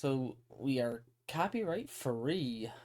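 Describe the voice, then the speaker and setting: Laid-back male game streamer, mellow and slow. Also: mid-range voice, animated. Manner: laid-back and chatty, with casual swearing. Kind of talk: casual stream chat.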